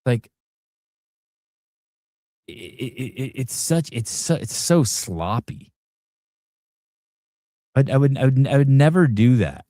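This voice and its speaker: A man's voice: mid-range voice, animated, slow, pauses often, dark tone, no room sound, studio quality. A man hosting a show, giving casual reaction commentary in a combative, profane rant aimed at his audience and producer. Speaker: podcast host.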